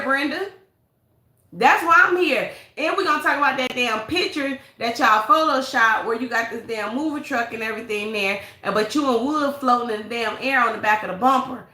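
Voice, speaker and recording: A woman's voice: medium pitch, bright, forceful tone, echoey room. A woman hosting a casual live-stream gossip commentary, blunt and sassy, greeting viewers by name. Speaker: livestream commentary host.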